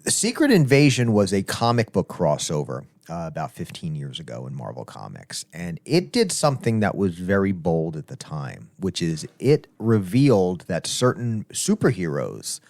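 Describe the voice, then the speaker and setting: A man's voice: low voice, wildly swooping pitch, normal speed, creaky, hardly any pauses, darkish tone, no echo. A man co-hosting a podcast, chatting casually and explaining things at length with many hesitant fillers. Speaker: podcast co-host. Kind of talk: casual chat.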